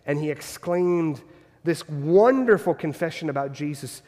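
Man, pastor, sermon, rhetorical questions, high-pitched, echoing church hall. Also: animated, measured pace, a little mellow. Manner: earnest, repeats rhetorical questions.

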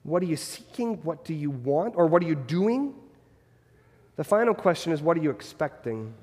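A man's voice: a little high, big pitch swings, moderate pace, darkish tone, long reverb tail. A man preaching a sermon as pastor, earnest and fond of repeated rhetorical questions.

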